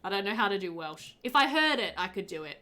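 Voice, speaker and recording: A woman's voice: mid-range voice, big pitch swings, quick pace, sharp tone, soft background music. A woman streaming a game, chatting casually and giggling with her viewers. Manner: giggly, chatty, talks to chat.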